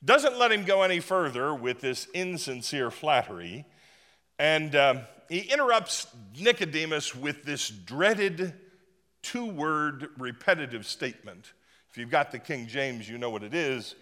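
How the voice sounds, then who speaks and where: Male pastor, lively and humorous sermon, bright tone, echoey hall. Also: on the high side, a little slow. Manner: lively, humorous and emphatic preaching.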